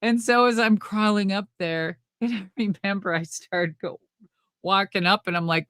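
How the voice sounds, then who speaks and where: A woman's voice: medium pitch, normal speed, clean tone, no room sound, clean studio sound. A middle-aged woman telling a backstage story in a casual interview, rambling and laughing often as she acts out what people said. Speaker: interview guest.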